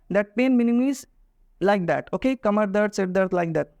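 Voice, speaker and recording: Hesitant teacher, dry sound. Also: male voice, high-pitched, lively intonation, darkish tone, clean tone, no echo. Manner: hesitant, many "uh" pauses, addresses viewers directly. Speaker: English pronunciation teacher. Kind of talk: classroom-style video lesson.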